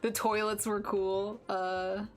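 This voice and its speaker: A woman's voice: medium pitch, level tone, takes it slowly. Chatty American woman streamer, rambling. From United States. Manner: rambling, chatty, lots of fillers and restarts. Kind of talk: casual chat while drawing on stream. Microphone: desk mic with headphones.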